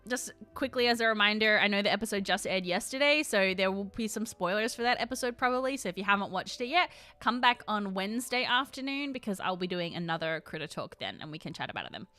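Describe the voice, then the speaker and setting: A woman hosting a casual livestream chat. She thinks out loud, reacts to her chat, and often trails off unsure of herself. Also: mid-range voice, lively intonation, fast talker, few pauses, soft background music. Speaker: livestream host.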